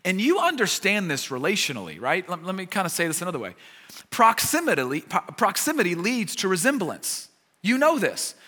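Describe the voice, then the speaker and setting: A man's voice: high-pitched, sing-song, a little fast, bright, forceful tone, slightly rough, big-room sound. An American man preaching a sermon as a pastor, conversational and repeating his key phrases, with self-deprecating humor.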